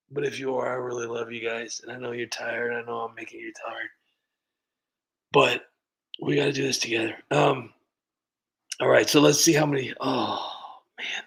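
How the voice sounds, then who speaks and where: A man's voice: mid-range voice, gravelly, a bit bright, slightly rough. A man chatting casually on a livestream, telling a rambling sarcastic story. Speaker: streamer.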